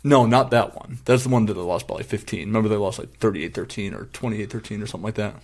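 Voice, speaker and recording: Animated, profane male sports storyteller. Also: lowish voice, fast. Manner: animated storyteller who acts out quoted friends loudly and profanely. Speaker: podcast co-host. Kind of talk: casual sports chat.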